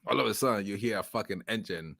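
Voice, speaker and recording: A man's voice: lowish voice, quick pace, vocal fry, dry recording, clean studio sound. A man co-hosting a casual podcast chat, telling a long story with lots of swearing and acting out other people's voices. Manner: animated storyteller, heavy swearing, acts out voices. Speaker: podcast co-host.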